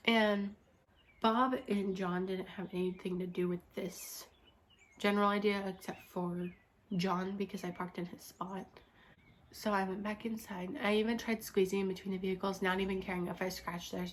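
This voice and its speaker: A young woman recounts a bad day at school in a loose, rambling way, leaning on "like" as she goes. Her voice sits at a middle pitch, and a faint hiss of noise runs behind her. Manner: rambling, frustrated, lots of "like". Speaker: vlogger. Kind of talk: casual storytime.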